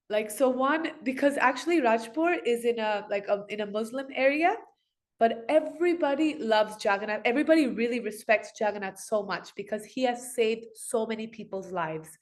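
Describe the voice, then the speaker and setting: A woman telling devotional stories in a relaxed, chatty way, her voice sitting a little high. She throws herself into the quoted lines, jumping up in pitch for the characters. It sounds like informal storytelling for kids. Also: moderate pace. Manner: animated, acts out quoted voices with big pitch jumps. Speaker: storyteller for children.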